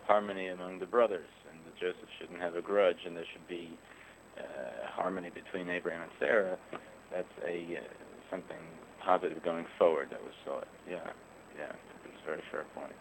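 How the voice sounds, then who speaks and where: A man with a very low, deep voice explains things in a thoughtful, measured way. He pauses often with small hesitations as he works through his points. Faint ambient noise sits behind him. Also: steady tone, rough recording. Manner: thoughtful, measured, frequent "uh" pauses, occasional chuckles. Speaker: guest, rabbinic scholar. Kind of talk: conversational explanation.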